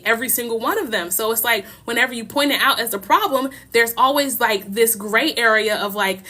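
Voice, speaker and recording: A young American woman hosting a casual livestream, talking in a rambling, passionate way with quick laughs and many restarts. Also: a little high, bright, forceful tone. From United States. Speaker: livestream host.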